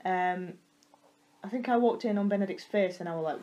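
A woman's voice: medium pitch, fairly quick, mellow, highs cut off. A nineteen-year-old woman with a Yorkshire accent, chatting casually as a podcast co-host, laughing easily and swearing now and then. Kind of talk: casual chat.

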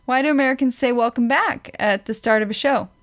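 A woman with a somewhat high voice hosts a relaxed chat. She reads questions from a list one after another. Her delivery is dry and teasing. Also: a little fast. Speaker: podcast co-host.

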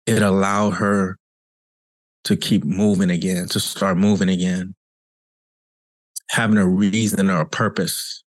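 A man's voice: lowish voice, no echo. A man who hosts a show as a cancer coach, talking earnestly and conversationally in a reflective motivational monologue, often repeating himself for emphasis. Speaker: cancer coach and podcast host.

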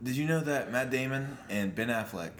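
A man's voice: mid-range voice, normal speed, a little hiss or hum. A young man in goofy, playful, profane banter as a podcast co-host. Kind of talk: casual chat.

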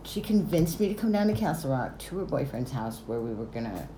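A woman's voice: rumbling low, very animated, fairly quick, dark tone. A woman telling stories in casual chat, swearing freely and laughing between lines. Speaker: storyteller. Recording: echoey room with faint noise.

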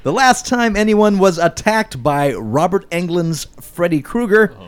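A man's voice: high voice, animated, unhurried, clean tone. A man hosting a casual podcast, reading news items aloud and then chatting and joking with his co-hosts.

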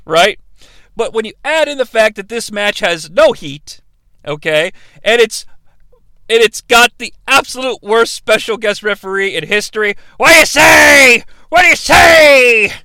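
Bright, clear-voiced sarcastic podcast host. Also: male voice, high-pitched, expressive, moderate pace, no echo. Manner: playful, sarcastic, jumps into impressions. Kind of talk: comedic wrestling review podcast.

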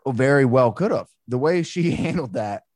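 A man co-hosting a casual podcast, telling a story with animated, exasperated swearing. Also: medium pitch, moderate pace, no echo, clean studio sound. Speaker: podcast co-host. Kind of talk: casual chat.

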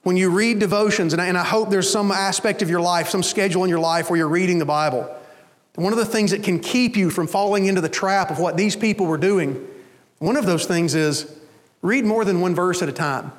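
A man preaching a sermon as pastor, in a relaxed conversational way that keeps checking in with the congregation. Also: high-pitched, brisk, long reverb tail. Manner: conversational preaching, asks the congregation "you understand?".

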